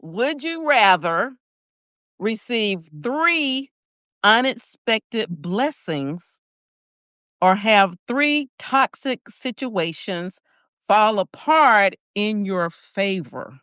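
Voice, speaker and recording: A woman's voice: mid-range voice, lively intonation, very slow, fairly bright tone, smooth, dry recording, clean studio sound. A woman hosting a casual live chat, reading out questions and laughing often. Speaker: host.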